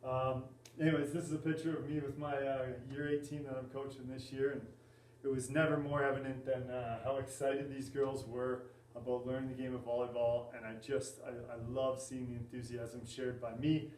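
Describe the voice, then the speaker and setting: A man, a volleyball coach, giving a class presentation in a halting way with many fillers and restarts. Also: medium pitch, flat delivery, darkish tone, a little hiss or hum. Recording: echoey room, mic at a distance.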